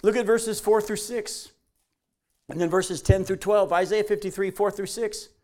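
A man preaching a sermon, reading scripture aloud and driving points home with animated emphasis. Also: sits high, moderate pace. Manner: animated preaching, voice rising on quotes. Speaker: pastor.

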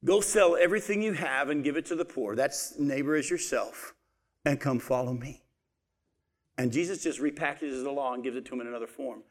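Speaking briskly in a medium-pitched voice, this preacher calls his audience "folks." Throughout his sermon he asks them questions and goes on to answer them himself.

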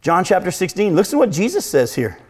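A man preaching a sermon, moving from hushed, slow retellings to loud, pointed questions for the congregation. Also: high voice, sing-song, husky. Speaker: pastor.

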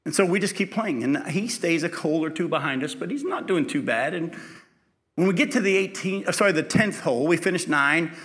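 A man's voice: on the high side, expressive, brisk, fairly bright tone. A man preaching a sermon, telling a personal story in a conversational way, acting out the dialogue, then building to emphatic preaching.

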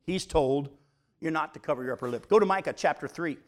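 Speaking fairly quickly, a pastor whose voice is slightly high delivers a teaching sermon at a Bible study. Scripture readings give way to simple, conversational explanation, and he regularly puts questions to the people listening.

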